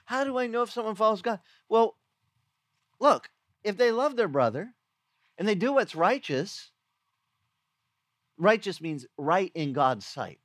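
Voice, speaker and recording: A man's voice: a little high, no room sound. Middle-aged guy preaching, chatty storytelling sermon, dry close sound. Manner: conversational storytelling, acts out quotes. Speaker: pastor. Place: outdoor beach gathering.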